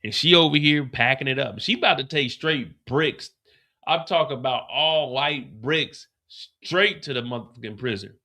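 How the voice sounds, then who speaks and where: A man hosts a live stream and recaps a TV episode in casual, profane talk. His voice is gravelly with a bright, forward edge, and he talks in an animated way. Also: medium pitch, normal speed.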